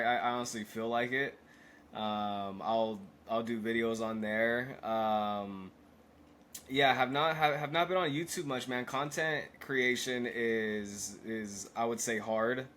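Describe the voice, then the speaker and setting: A man's voice: medium pitch, bright, forceful tone, slight background noise. Hesitant man chatting as podcast guest. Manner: hesitant, many fillers and restarts. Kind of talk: casual chat.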